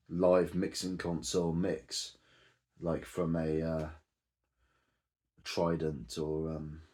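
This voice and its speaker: A man's voice: sits low, dark tone. A man casually reviewing a music box set, rambling with many ums and self-corrections.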